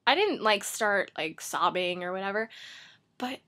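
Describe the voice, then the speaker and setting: A woman's voice: medium pitch, animated, measured pace, sharp tone. Rambling, chatty woman book vlogger. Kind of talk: casual chat to camera. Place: her bedroom.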